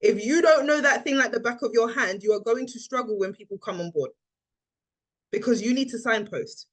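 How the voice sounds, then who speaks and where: A woman's voice: fairly high pitch, brisk. A woman, a team leader running a training call over video, speaking with energy and acting out the people she quotes.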